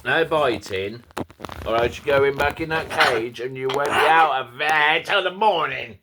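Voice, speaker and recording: A man's voice: medium pitch, measured pace, heavy background noise. Man scolding his pet bird. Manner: scolding, teasing, swears casually. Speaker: pet owner vlogger. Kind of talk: casual vlog talking to a pet. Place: indoors at home. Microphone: phone camera held close.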